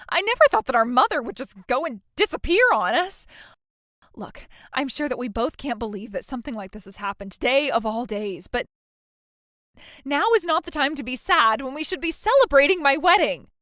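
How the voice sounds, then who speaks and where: A whiny, entitled young bride, played by a woman, stammering and demanding in a dramatized text-message story. Her voice sits high, and the recording is dry and close-miked. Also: sing-song, normal speed, a bit bright, dry recording.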